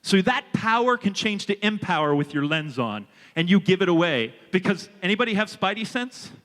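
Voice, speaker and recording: A man giving an energetic motivational leadership talk to students, drawing the audience in. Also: high-pitched, moderate pace. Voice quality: energetic, animated and audience-engaging. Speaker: leadership speaker. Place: large hall with a student audience. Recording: reverberant hall with a long echo.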